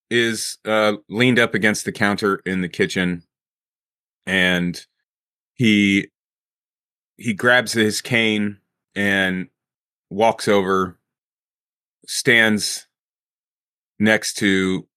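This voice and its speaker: A man's voice: on the low side, very slow, long pauses, bright, forceful tone, clear, resonant tone, dry recording, studio quality. A man running a tabletop role-playing game, asking players questions and narrating in a laid-back way. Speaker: game master.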